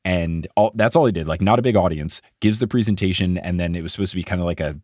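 A man's voice: low-pitched, quick pace, no room sound, clean studio sound. A man co-hosting a podcast, telling stories in a casual chat and laughing often. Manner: laughs often, animated storytelling. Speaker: podcast co-host.

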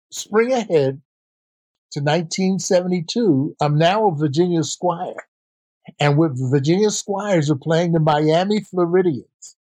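A man's voice: fairly high pitch, dry recording. An older man, a former basketball player and coach, telling stories in an interview and acting out the voices of the people in them. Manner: animated, acts out quoted voices. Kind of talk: storytelling interview answer.

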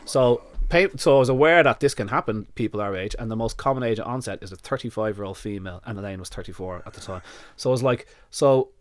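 A man's voice: fairly low pitch, fast talker, no echo, studio quality. A man being interviewed on a podcast as a dog nutrition expert, telling a story with lots of quoted back-and-forth and casual swearing. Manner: swears freely, retells events in quoted dialogue.

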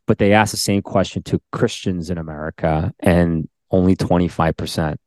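This is a man with a lowish voice co-hosting a casual faith podcast. He gets animated and excitable, exhorting his listeners. The sound is dry and close. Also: normal speed, no room sound. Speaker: podcast co-host.

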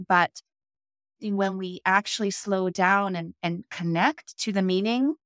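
A woman who coaches public speaking, a guest on a podcast, explaining in a measured, instructive way. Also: mid-range voice, no room sound, clean studio sound. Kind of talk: podcast interview.

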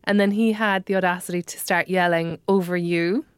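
A woman's voice: on the low side, steady tone, moderate pace, clean tone, no room sound, studio quality. A woman hosting a casual chat, responsive and supportive, laughing along. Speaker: podcast host.

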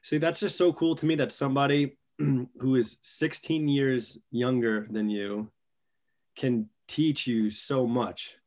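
A man hosting a podcast, asking questions and reflecting in a relaxed, encouraging way with loose phrasing. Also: mid-range voice, slow. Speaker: podcast host. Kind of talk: casual interview conversation.

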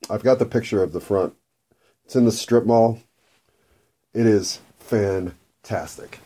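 Mellow-voiced man rambling profanely. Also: lowish voice, animated, normal speed, vocal fry, long pauses, breathy edge. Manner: profane, rambling and food-obsessed. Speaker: vlogger. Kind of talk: casual rambling monologue while eating.

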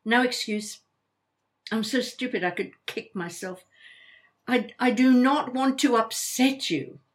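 A woman's voice: a little high, measured pace, close to an everyday voice. An actress playing a talkative older mother who stumbles over her words when flustered, in an audio drama. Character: chatty older mother, outspoken, quick to apologize.

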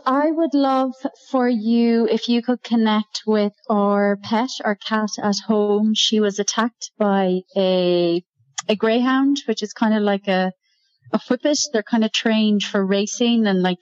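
A cheerful woman with an Irish accent calls in to a radio show, laughing easily as she talks. Her voice sits at an ordinary pitch, and the call audio is dull and lo-fi. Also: fairly even intonation, a little slow, a little mellow. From Ireland. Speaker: caller.

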